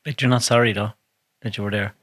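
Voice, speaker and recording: A man on a podcast, asking gentle questions and offering short, sympathetic replies. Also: fairly low pitch, level tone, fast talker, dry recording, clean studio sound. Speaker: podcast guest. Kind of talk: casual conversation.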